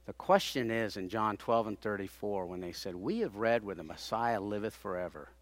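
A man preaching a sermon, dramatically acting out the people he quotes, rising to loud peaks and dropping to hushed tones. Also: moderate pace, no room sound. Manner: dramatic, acts out quoted speakers with big swings in loudness; drops to hushed low tones for emphasis.

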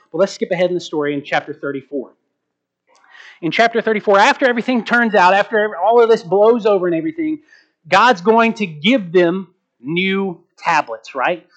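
A man preaching a sermon as pastor, slowing down to stress key words and asking rhetorical questions. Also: high voice, a bit bright. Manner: asks the congregation rhetorical questions.

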